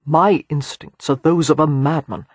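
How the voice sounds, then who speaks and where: A man playing a brooding, war-scarred young gentleman who speaks in a quiet, measured, grave way, with a husky tone. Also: on the high side, fairly even intonation, no echo.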